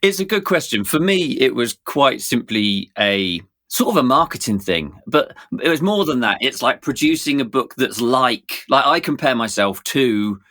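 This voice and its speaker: A man's voice: medium pitch, lively intonation, normal speed, hardly any pauses, fairly bright tone, no room sound. A man with a British accent, a guest author in casual podcast chat, often adding tag questions. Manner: chatty, lots of tag questions.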